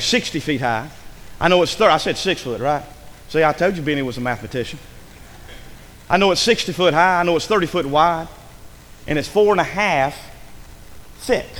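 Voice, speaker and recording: High-voiced preacher man in a reverberant hall. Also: a little hiss or hum. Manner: dramatic preaching, swings from hushed to shouting. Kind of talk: sermon.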